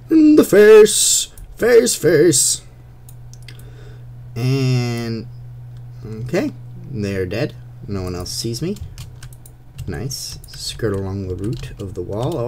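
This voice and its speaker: This young gamer's low, slightly mellow voice keeps up a chatty, playful commentary, with remarks aimed at the monsters. He records through a desktop USB microphone, and there's slight background noise.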